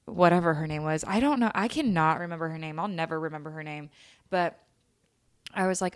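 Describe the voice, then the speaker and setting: Young woman host telling a story, kinda low voice, swears a lot, dry close sound. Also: a little fast, no echo. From lived in Utah. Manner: candid, swears freely, laughs while telling. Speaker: podcast host. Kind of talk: casual storytelling chat.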